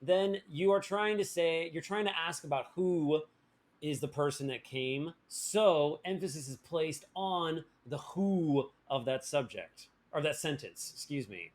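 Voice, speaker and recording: A man with a fairly high voice runs a live-streamed grammar lesson. He jokes and teases his viewers, restarting sentences and leaning on fillers as he explains. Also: animated, measured pace. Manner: playful, joking, with many fillers and restarts. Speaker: language teacher.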